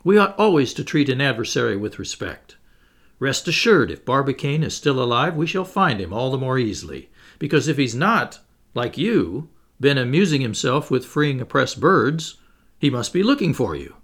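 A man voicing a bold, excitable adventurer. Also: medium pitch, normal speed. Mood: urgent.

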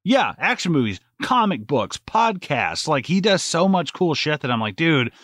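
A man chatting casually about films on a podcast, his pitch swinging widely as he gets excited. He swears freely and sounds dry and close, with no room around him. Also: normal speed, no room sound. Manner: excitable, swearing, laughing often, jumps up in pitch when animated. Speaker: podcast co-host. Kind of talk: casual movie-discussion chat.

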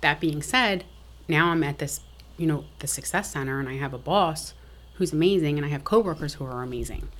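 A woman's voice: low voice, brisk. A middle-aged woman telling a family story frankly and matter-of-factly as a podcast guest. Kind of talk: casual interview talk.

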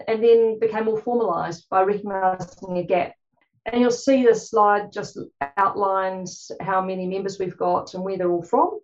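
A woman with a New Zealand accent presents at a conference as a clinician. She talks quickly and chattily, with many fillers and restarts, at a middling pitch. The recording sounds a little dull and muffled. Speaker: clinician giving a conference talk.

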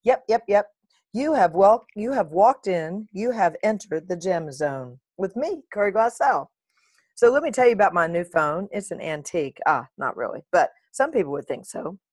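Chatty, animated woman with a low voice. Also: moderate pace, breathy edge, no echo, studio quality. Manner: chatty, animated, playfully profane storyteller. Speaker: vlogger. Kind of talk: casual talking-to-camera monologue.

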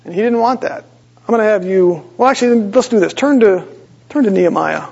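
Gravelly-voiced man teaching scripture. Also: high-pitched, darkish tone. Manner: reads scripture slowly with rising emphasis, asks the audience questions. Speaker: Bible teacher. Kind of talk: Bible study sermon. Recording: dull lo-fi recording.

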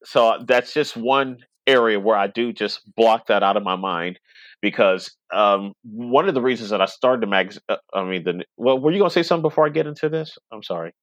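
A man's voice: fairly low pitch, a little fast, fairly bright tone, no room sound. A middle-aged man chatting casually in a podcast conversation, rambling and laughing often. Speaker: web radio station owner, podcast guest.

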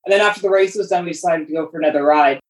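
A woman's voice: lowish voice, racing, reverberant, recorded from a distance, faint music behind, low-quality recording. A woman telling a story in casual interview talk, with plenty of fillers. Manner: chatty, with many fillers.

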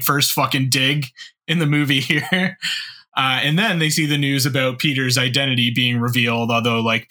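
A man's voice: mid-range voice, bright, forceful tone. A man co-hosting a movie podcast, recapping the plot in a laid-back, profane way. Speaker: podcast co-host.

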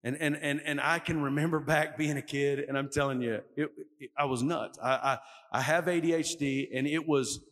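Animated male pastor preaching in a reverberant sanctuary. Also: fairly high pitch, moderate pace. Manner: animated storytelling, acts out quotes loudly. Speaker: lead pastor. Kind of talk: sermon. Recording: long hall reverb, faint music.

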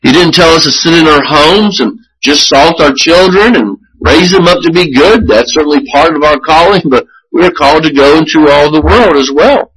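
A male pastor delivers a sermon in an earnest, measured way, often circling back to restart a phrase. His voice sits a little high and carries a strongly husky, breathy grain. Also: a bit bright, rough recording.

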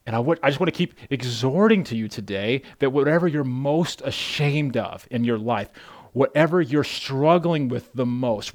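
A man who is a pastor, preaching an emphatic, exhorting sermon that swings from hushed to loud and often addresses the listeners as folks. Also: mid-range voice, no room sound.

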